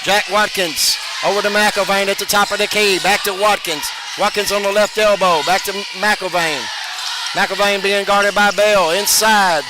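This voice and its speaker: A man doing brisk play-by-play commentary of a basketball game, his voice jumping up loud on big plays. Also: sits high, fairly even intonation. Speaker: play-by-play announcer. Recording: broadcast over loud gym noise.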